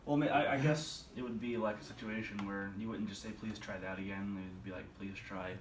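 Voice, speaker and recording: A young man with a lowish voice steers a casual group talk, often pausing and restarting. The room around him is echoey, with faint noise behind. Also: distant mic. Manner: hesitant, full of restarts and fillers. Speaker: student group leader.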